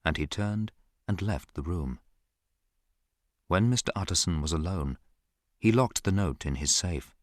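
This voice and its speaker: A man reading a classic novel aloud as scripted audiobook narration, in a slow and even storybook manner. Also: deep voice, dry recording, studio quality.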